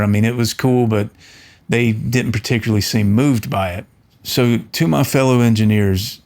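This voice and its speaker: An audio engineer who hosts a channel tells a story to camera in casual, earnest talk. His voice is lowish, and he restarts often and does animated voices when quoting people.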